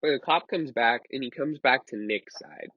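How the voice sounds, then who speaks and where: Husky guy in his 20s rambling thru a story, swears a lot, kinda muffled lo-fi mic. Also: medium pitch, moderate pace. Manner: rambling and profane, with many fillers. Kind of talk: casual storytime. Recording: dull lo-fi sound.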